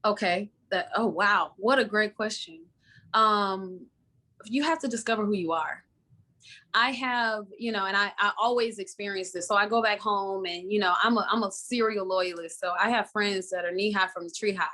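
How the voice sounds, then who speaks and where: Pushed and bright, her medium-pitched voice moves at a moderate pace with fairly even intonation. She's a Florida actress with a Southern accent, appearing as a guest in a live online interview where she laughs frequently and speaks with emphasis.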